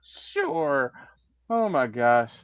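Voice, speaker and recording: A man's voice: medium pitch, drawn-out words, clear, resonant tone, no room sound, lo-fi sound. A man hosting a casual live stream chat, telling stories with a lot of laughter and acting out the quotes. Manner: animated storyteller, laughs often, acts out quotes. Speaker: livestream host.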